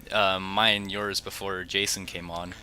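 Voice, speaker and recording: A man co-hosting a casual podcast over a voice call, talking haltingly as he trails off and restarts. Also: low-pitched, little pitch movement, a crowd in the background. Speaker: podcast co-host and editor. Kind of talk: casual chat.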